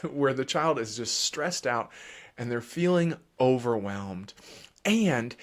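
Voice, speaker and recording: A man who is a children's therapist, giving parents advice in a calm, explanatory way that turns animated at times. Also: medium pitch.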